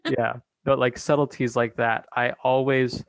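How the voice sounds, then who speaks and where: A man talking as a guest in a casual conversation, hesitant with many pauses and restarts. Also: medium pitch, flat delivery, clean tone, dry recording, rough recording.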